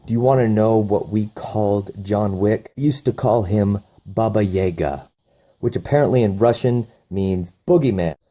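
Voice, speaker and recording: A man recaps a movie plot in a casual, profane, enthusiastic way. His voice sits on the low side for a man. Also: dark tone. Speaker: movie reviewer.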